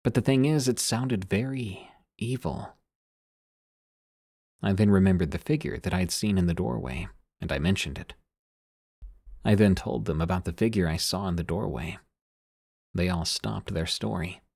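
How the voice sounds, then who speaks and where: A man with a low, husky voice narrates scary stories sent in by listeners. His telling is measured and unhurried, and it sinks quieter on the eerie moments. The sound is dry and close, with no room around it. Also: no room sound. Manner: measured storytelling, sinking quieter on eerie lines.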